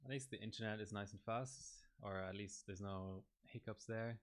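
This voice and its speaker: Low-voiced man thinking aloud. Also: steady tone. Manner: thinking aloud, halting with fillers. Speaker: overclocking livestream host. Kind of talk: casual livestream commentary.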